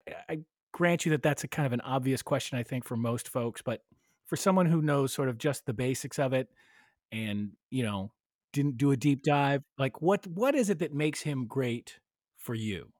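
A man's voice: medium pitch, moderate pace, a little mellow, no room sound, studio quality. A man hosting a casual podcast chat, asking curious, wry questions.

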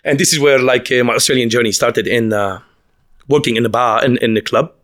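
A man with a Lebanese accent tells stories in a casual interview. His voice sits at a middle pitch, and he laughs often and restarts sentences as the stories tumble out. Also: brisk. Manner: animated storyteller, laughs often, lots of restarts. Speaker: guest.

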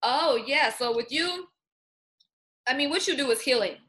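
A woman's voice: high voice, moderate pace, pushed and bright. A woman hosting a casual interview, thinking aloud and searching for her words. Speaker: host.

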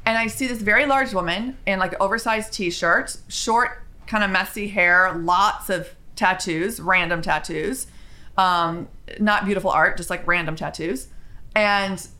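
A woman vlogger telling a spiritual story in a chatty, animated way, with quick asides. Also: mid-range voice.

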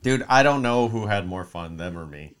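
A man in his thirties, a podcast co-host, telling a long story in casual chat, animated and profane, acting out quotes. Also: on the low side, normal speed. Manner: mimics voices in quotes.

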